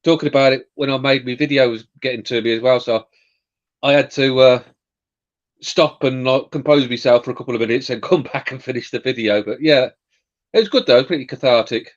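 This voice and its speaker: A man's voice: mid-range voice, a little fast. Man, casual stream chat, candid reflective delivery, muffled recording. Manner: candid, reflective, loose phrasing. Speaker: livestream co-host. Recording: dull lo-fi call audio.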